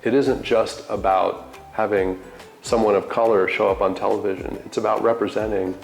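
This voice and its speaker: A man's voice: fairly low pitch, fairly even intonation, moderate pace, creaky, faint music behind, low-quality recording. A man, a TV network chief, talking earnestly and enthusiastically as an interview guest. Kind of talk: casual interview talk.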